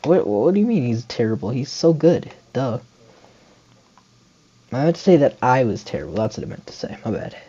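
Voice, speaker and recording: A young man giving casual play-by-play commentary on a baseball video game, muttering calls between sudden excited shouts. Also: medium pitch, normal speed, breathy edge, lo-fi sound. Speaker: gaming channel host.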